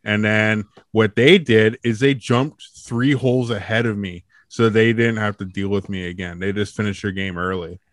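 A man's voice: lowish voice, fairly even intonation, normal speed, few pauses, dry recording. A man casually telling a profane, laughing story on a comedy chat show.

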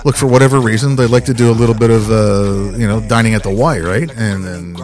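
A man's voice: on the low side, steady tone, brisk, darkish tone, soft background music. A man co-hosting a casual podcast, telling frank, crude anecdotes with casual swearing. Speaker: podcast co-host.

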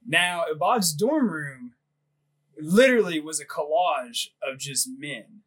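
A husky-voiced man in his thirties spins a crude, rambling story, pitched a bit higher than most men. He laughs often and fills every pause with "like" in loose podcast banter. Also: animated, fairly bright tone. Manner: rambling, laughs a lot, heavy "like" filler. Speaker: podcast co-host.

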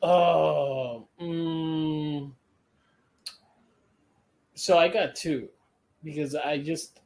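Higher-voiced man retelling plots with laughs. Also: takes it slowly, darkish tone. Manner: laughs while retelling plots, acts out characters' lines. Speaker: podcast co-host. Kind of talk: casual podcast chat.

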